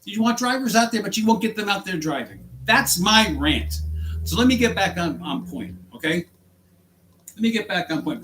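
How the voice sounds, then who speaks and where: An angry man from the United States ranting in a vlog about his work as a rideshare driver, exasperated and jumping in pitch. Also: lively intonation, moderate pace, a bit bright, a little hiss or hum, poor audio. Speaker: rideshare driver and channel host.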